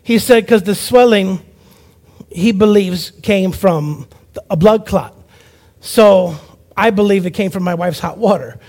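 A man preaching a personal testimony sermon as an evangelist, telling his story with animation, acting out other people's lines, and dropping low and quiet for emphasis. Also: measured pace. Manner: animated storyteller who acts out quoted voices.

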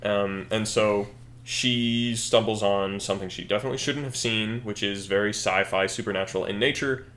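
A young man co-hosting a podcast, thinking a story out loud in casual chat with lots of fillers and self-corrections. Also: fairly low pitch, steady tone, normal speed. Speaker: podcast co-host.

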